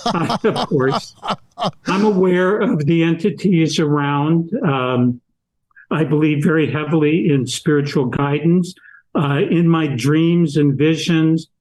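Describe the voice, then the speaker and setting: An older man with a slightly raised voice tells stories at an unhurried, measured pace. He speaks as a podcast guest and author, and each anecdote is laid out step by step. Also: a little high, a little mellow, low-quality recording. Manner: slow, deliberate anecdotal storyteller. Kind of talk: storytelling in an interview.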